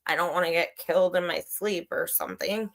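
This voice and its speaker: A woman's voice: lowish voice, fairly even intonation, fairly quick, creaky, fairly bright tone. A woman in her forties hosting a casual livestream chat, speaking candidly and emotionally, swearing freely and rambling as she talks to her viewers. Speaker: channel host.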